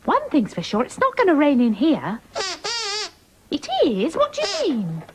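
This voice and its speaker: A woman's voice: huge pitch swings, unhurried, background noise, full character voice. Sue, a gushing girl panda puppet. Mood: chiding. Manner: squeaky, gushing, fussing over friends. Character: cheerful female panda puppet, girlish and excitable. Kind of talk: children's TV puppet voice.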